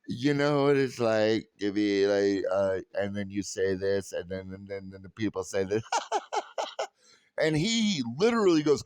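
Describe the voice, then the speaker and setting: Man from California, low voice, heated profane rant, sarcastic, dry close sound. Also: very animated, a little slow, a little mellow, clear, resonant tone, dry recording. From California, USA. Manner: heated, sarcastic, swears constantly. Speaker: vlogger.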